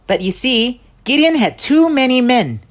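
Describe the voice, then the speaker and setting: Lively woman telling a children's story. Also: high voice, a little slow. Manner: animated and expressive, with shouted sound effects. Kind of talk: children's Bible story narration.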